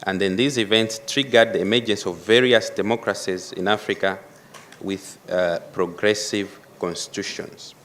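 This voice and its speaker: A man giving a formal prepared speech at a conference, measured and emphatic, repeating key phrases. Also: lowish voice, steady tone, fairly bright tone, slight background noise. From Malawi. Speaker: conference speaker. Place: conference hall.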